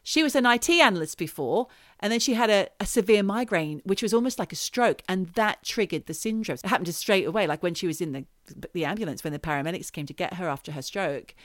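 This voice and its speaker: A woman's voice: on the low side, lively intonation, fast, hardly any pauses, dry recording, studio quality. A woman co-hosting a podcast, telling a story in casual chat and trailing off when she's unsure. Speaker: podcast co-host.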